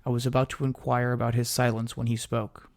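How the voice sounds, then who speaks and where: Man, storyteller, first-person narration, measured delivery, middle pitch. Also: completely flat delivery. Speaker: narrator and writer.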